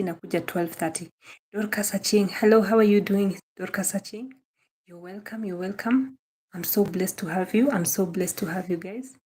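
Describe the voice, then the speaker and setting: A woman's voice: mid-range voice, darkish tone. A young Kenyan woman with a Kenyan accent, chatting casually on a live stream, greeting viewers by name and repeating her phrases, sometimes mixing in Swahili. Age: young adult. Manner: mixes Swahili into English.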